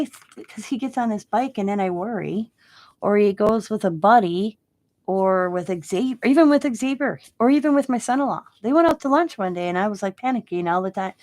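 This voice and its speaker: A middle-aged woman chats casually to her viewers and rambles from one thought to the next. She restarts her sentences often but keeps talking openly and from the heart. Her voice has an ordinary, middle pitch. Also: darkish tone. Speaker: crafting vlogger. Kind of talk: casual chat.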